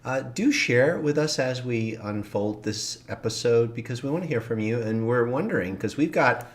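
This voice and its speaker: A man's voice: medium pitch, moderate pace. A man co-hosting a live talk show, upbeat and welcoming to viewers. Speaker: co-host. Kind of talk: casual live show chat.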